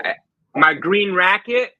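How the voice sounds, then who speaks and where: Guest author type, man, high and bright, lively storyteller, dry close sound. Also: no echo. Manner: animated storyteller, quick restarts. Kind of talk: casual anecdote telling.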